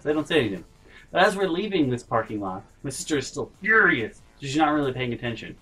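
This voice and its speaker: A man's voice: mid-range voice, big pitch swings, fast, bright, forceful tone, husky, faint music behind, low-quality recording. A man hosting a storytime vlog, rambling and interrupting himself, dropping to mutters. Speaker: vlog host.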